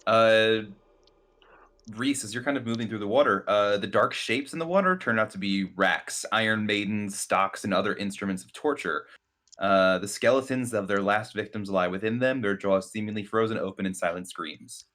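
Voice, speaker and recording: A man's voice: lowish voice, a bit bright. A man serving as game master, narrating a tabletop session with frequent ums and uhs. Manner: halting, many ums and uhs.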